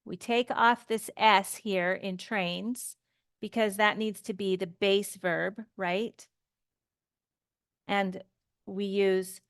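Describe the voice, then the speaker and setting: Teaching English grammar slowly, a woman explains each step patiently and offers example sentences. She speaks slowly in a mid-range, somewhat bright voice. It's a studio-quality recording without room sound.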